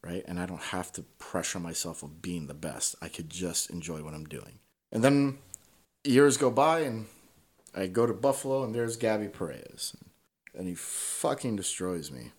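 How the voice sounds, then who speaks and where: A man's voice: low-pitched, animated, moderate pace, breathy edge. A man telling stories as a podcast guest in casual conversation, swearing freely and tagging his points with "right?".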